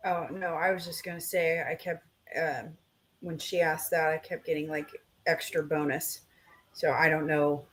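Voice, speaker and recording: A woman's voice: deep voice, flat delivery, normal speed. A woman giving psychic readings on a casual live podcast, speaking in an earnest, cautionary way. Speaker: psychic reader.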